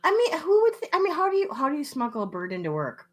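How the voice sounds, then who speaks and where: A woman's voice: sits high, huge pitch swings, fast talker. A woman co-hosting a casual podcast chat, laughing often as she talks. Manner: giggly, laughs often between phrases. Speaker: podcast co-host.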